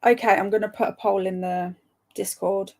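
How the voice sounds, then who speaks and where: A woman's voice: medium pitch, fairly even intonation, normal speed, a little mellow. A young woman hosting a live stream, chatting casually, laughing often and answering viewer comments. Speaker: livestream host.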